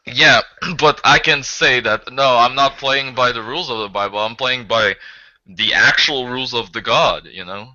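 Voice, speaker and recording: A man's voice: medium pitch, moderate pace, bright, forceful tone, no echo, muffled recording. A man rambling and joking in a casual online group chat, laughing often.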